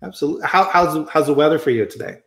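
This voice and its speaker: Hosting a casual livestream from his home studio in Colorado, a Midwestern American man talks very fast in a slightly high, fairly bright voice. He's upbeat and chatty, greeting viewers and his guest, and the room sounds roomy and echoey.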